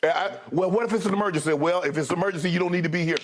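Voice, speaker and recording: A man with a high voice races through his lines while co-hosting a sports debate show, with slight background noise in the audio. It's animated sports debate talk; he's emphatic and repetitive, often calling his partner by name.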